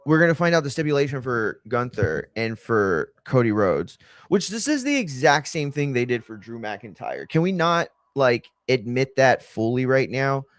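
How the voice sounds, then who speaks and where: A man's voice: mid-range voice, sing-song, moderate pace, few pauses, no echo, clean studio sound. Rambling, sarcastic male streamer. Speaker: streamer hosting a watch-along. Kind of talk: casual chat.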